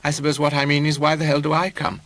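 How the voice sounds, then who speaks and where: A man voicing a poised, mature woman who speaks in a very clear, dry, ironic way. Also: a little high, monotone, fast, fairly bright tone, dry recording, pitched above the performer's own voice. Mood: wry. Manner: abnormally clear, dry irony.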